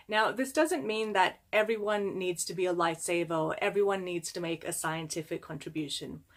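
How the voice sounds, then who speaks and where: A young adult woman presenting a book summary in a casual explanatory way, talking conversationally with frequent fillers. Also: mid-range voice.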